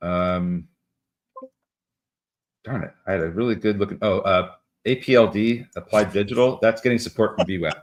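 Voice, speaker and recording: A man's voice: fairly low pitch, normal speed, a little hiss or hum. A man co-hosting a live trading stream, talking casually with many fillers and small jokes. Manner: rambling, many fillers, self-deprecating jokes. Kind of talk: casual market commentary.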